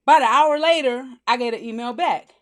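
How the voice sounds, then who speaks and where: A woman's voice: a little high, brisk. A woman vlogger telling a personal story in a casual, goofy way, laughing often as she talks.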